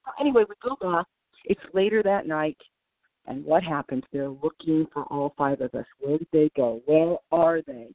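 A woman guest telling animated stories in a casual interview, laughing and acting out the people she quotes. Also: sits low, moderate pace, vocal fry, dry recording. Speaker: guest, former wrestler. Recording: tinny phone line, dry.

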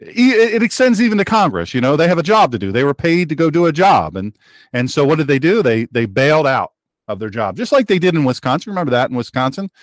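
A man's voice: a little high, very animated, fast, no room sound, studio quality. A man hosting a political talk show, delivering an opinionated, rambling monologue, repeating phrases for emphasis and reading out listener messages. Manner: reads listener chat messages aloud.

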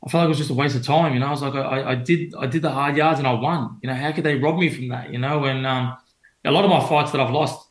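A man's voice: mid-range voice, steady tone, quick pace. A young Australian man, a boxer, telling stories in a loose, rambling way full of fillers and restarts. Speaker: professional boxer guest. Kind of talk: casual interview storytelling. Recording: roomy echo.

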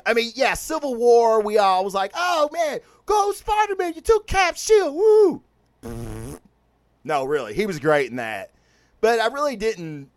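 Man, podcast host, excited, profane, rambling, animated pitch, fairly high voice, dry close mic. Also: dry recording. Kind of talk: casual movie and comics review.

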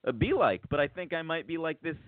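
A man's voice: a little high, big pitch swings, fast, no echo. Man rambling through a story, phone-like sound. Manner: rambling, lots of restarts, acts out quotes. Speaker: podcast host. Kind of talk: casual storytelling chat. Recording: tinny phone-like dry sound.

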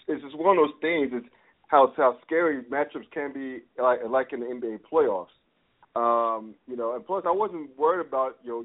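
A man hosting a casual sports chat, rambling and repeating himself as he builds his point. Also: mid-range voice. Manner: rambling, repeats words and restarts, excitable. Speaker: podcast host. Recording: tinny phone-like audio.

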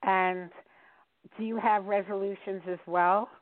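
A woman's voice: mid-range voice, fairly even intonation, measured pace, no echo. A woman hosting a radio show, asking her guest chatty, teasing questions. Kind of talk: casual radio chat. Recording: tinny phone-like line.

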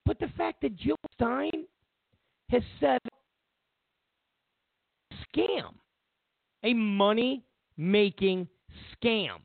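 Gravelly man ranting over a tinny line. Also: extremely high pitch, very slow, long pauses, no echo. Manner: blunt, profane, mocks opponents in whiny voices. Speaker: political commentary host. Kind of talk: ranting opinion monologue. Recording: tinny phone-like audio.

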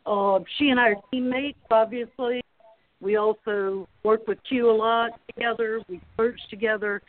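A woman's voice: a little high, fairly even intonation, moderate pace, dry recording. A woman calling in to a show, telling a funny story about a friend in a chatty, casual way. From Florida. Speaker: caller sharing a story. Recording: tinny phone line.

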